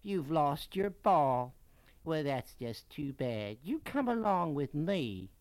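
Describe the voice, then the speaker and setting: A man's voice: a little high, wildly swooping pitch, measured pace, clear, resonant tone. A man voicing an elderly, gracious Maryland lady with a quavering, cracked voice and a drawling Southern lilt. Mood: coaxing. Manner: sweetly coaxing, drawling.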